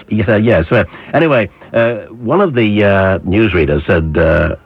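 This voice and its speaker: An older man, a former radio presenter, reminiscing on air with animated storytelling and little impressions of people. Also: deep voice, normal speed, hardly any pauses, slightly rough, no echo. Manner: animated anecdotal storytelling, mimics voices. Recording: dull muffled radio broadcast.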